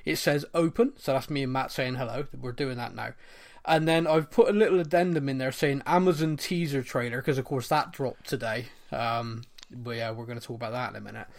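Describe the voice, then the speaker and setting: A man's voice: medium pitch, a little fast, gravelly. A man from England hosting a casual sports podcast, chatty and laughing often. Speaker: podcast host. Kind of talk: casual chat.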